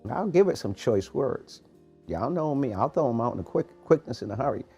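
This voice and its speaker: A man hosting a morning podcast, giving a preachy, animated motivational talk in street-casual phrasing. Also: medium pitch, a little fast, creaky, slightly rough, faint music behind. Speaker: podcast host, motivational coach.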